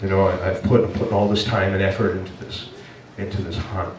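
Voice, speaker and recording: A man preaching as pastor, telling a story in an animated, self-mocking way and acting out his own complaints. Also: low-pitched, fairly quick, slight background noise. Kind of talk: storytelling sermon. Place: church hall. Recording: echoey room from far off.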